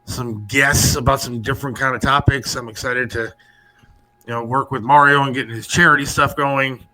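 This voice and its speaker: A middle-aged man hosting a podcast, telling rambling, animated stories in casual chat. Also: mid-range voice, moderate pace, low-quality recording. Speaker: podcast host.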